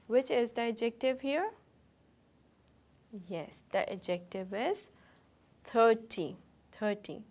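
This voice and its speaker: A woman teacher giving a recorded lesson, patiently addressing students and repeating words slowly for learners. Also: fairly high pitch, darkish tone.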